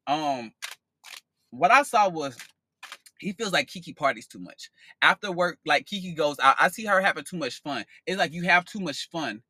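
A man giving a casual tarot reading on his podcast, sassy and expressive, swearing freely. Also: on the high side, moderate pace. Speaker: tarot reader.

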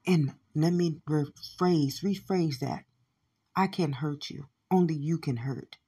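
A woman delivering a profane, repetitive monologue, shouting at times and muttering low at others. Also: slow pace, husky. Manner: swears constantly, repeats phrases, swings from shouting to low mutters.

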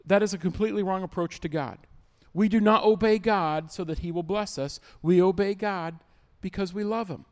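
A man's voice: sits high, normal speed, hardly any pauses. A man preaching a sermon as pastor, emphatic, repeating key lines and acting out little everyday scenes.

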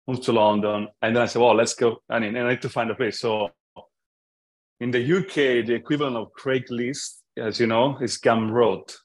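Man telling a story. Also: lowish voice. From Italy. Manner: storytelling, jokey, many restarts. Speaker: app founder, podcast guest. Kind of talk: casual chat.

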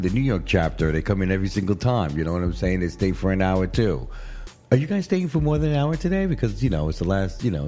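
A host with a low, dark voice leads a casual studio gossip session with guests while faint music plays. His talk wanders, broken up by frequent laughter and "you know what I mean."

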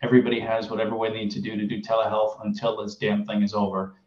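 A man's voice: on the low side, flat delivery, quick pace, darkish tone, reverberant, dull audio. A man who owns a behavior analysis clinic, speaking earnestly and at length on a panel, with some emotion. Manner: earnest, emotional, long-winded. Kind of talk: panel discussion.

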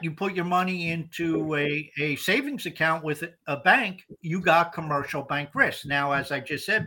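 A man's voice: on the high side, pushed and bright. A man co-hosting a casual podcast, explaining points emphatically and often repeating words as he restarts. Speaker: podcast co-host.

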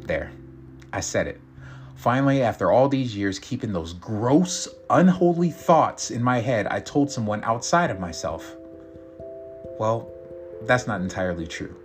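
Low-voiced man narrating over guitar. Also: very animated, measured pace. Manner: reflective, confessional. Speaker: story reader. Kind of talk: first-person story narration. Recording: guitar music behind.

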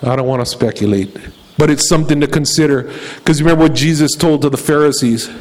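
A male preacher delivering a sermon, firing off rhetorical questions and slowing down to repeat key phrases. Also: on the high side, rough recording.

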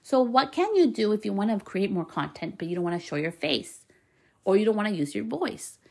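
A woman's voice: medium pitch, lively intonation, brisk, creaky, a little mellow. A woman hosting a podcast, giving casual, upbeat business tips to hairstylists with lots of fillers and the odd swear word. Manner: chatty, upbeat, frequent fillers and mild swearing. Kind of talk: casual advice talk.

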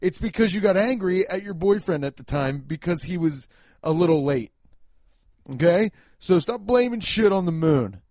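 A young man hosting a casual solo podcast, talking loudly and emphatically, swearing and poking fun at himself. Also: high-pitched, animated, normal speed, dry recording, clean studio sound. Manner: loud, emphatic, swearing, self-mocking. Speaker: podcast host. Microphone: home podcast mic.

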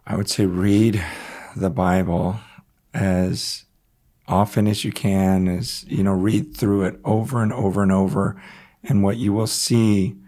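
A middle-aged man speaking as a guest pastor in an interview, earnest and halting with emphatic bursts. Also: sits low, flat delivery, warm tone. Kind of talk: reflective interview talk.

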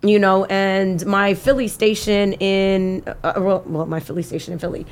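A woman's voice: mid-range voice, steady tone, moderate pace, noisy background. Woman radio DJ in her thirties, frank and casual, on a studio mic. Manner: frank, laughing, uses fillers. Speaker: radio DJ guest. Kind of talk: casual chat.

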